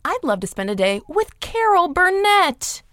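A woman's voice: very high voice, very animated, measured pace, a bit bright, no room sound, studio quality. A woman from Georgia with a Southern accent, a podcast guest who talks in a musing, self-deprecating way. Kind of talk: casual interview chat.

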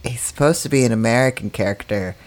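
A podcast co-host chatting casually with siblings, self-deprecating and quick to laugh. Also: medium pitch. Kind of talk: casual chat among siblings.

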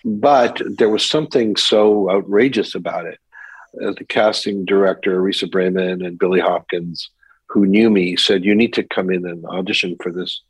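An older male actor telling stories as a guest on a podcast interview, lively as he recounts anecdotes. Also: low voice, moderate pace, husky, dry recording, poor audio. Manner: animated anecdote teller, mimics voices in quotes.

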